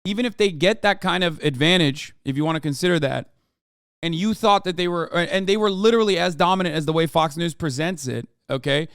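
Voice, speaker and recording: A man's voice: a little high, a little fast, fairly bright tone, smooth, dry recording, clean studio sound. A man hosting a live stream, ranting heatedly and profanely about politics and mocking his critics. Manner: mocking and combative toward chat.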